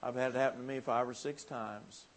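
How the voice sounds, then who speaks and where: A man preaching a folksy revival sermon in a church, swinging from quiet asides to loud, lifted appeals. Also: mid-range voice, fairly even intonation, a little fast.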